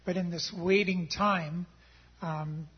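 A hoarse man who is a missionary guest, answering interview questions and pausing to clear his throat. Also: high voice, steady tone. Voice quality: husky. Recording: dull lo-fi sound.

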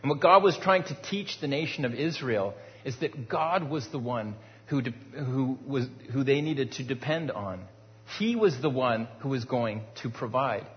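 A pastor preaching a sermon in a conversational way, with rhetorical questions and frequent restarts. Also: male voice, medium pitch, animated, normal speed. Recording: dull sound with long hall reverb.

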